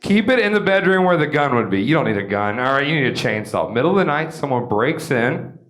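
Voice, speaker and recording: A young man from Georgia doing a stand-up comedy set on stage, animated, with shouted bits and quick asides. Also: medium pitch. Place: comedy stage with a live audience.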